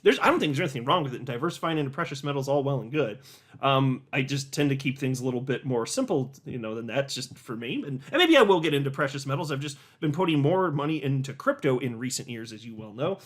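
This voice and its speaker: A man giving casual, animated commentary as a hobby YouTuber, with sarcastic asides and little rants. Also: medium pitch, fast talker. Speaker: crypto YouTuber.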